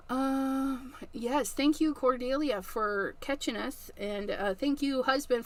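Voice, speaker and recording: Woman, middle-aged craft livestream host: high, bright voice, unhurried and chatty, laughing often. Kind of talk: casual livestream chat.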